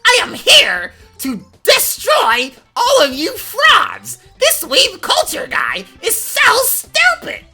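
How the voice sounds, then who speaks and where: A man putting on a crazy voice for a shrill, unhinged young man who rants at weebs. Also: huge pitch swings, bright, forceful tone, faint music behind, exaggerated voice. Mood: ranting. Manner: screeching, drawn-out.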